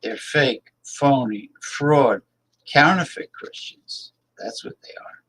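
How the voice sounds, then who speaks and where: A man's voice: mid-range voice, slow, fairly bright tone, breathy edge, rough recording. A man hosting a casual political livestream, reading viewer messages aloud and speaking bluntly and emphatically, often repeating words for effect.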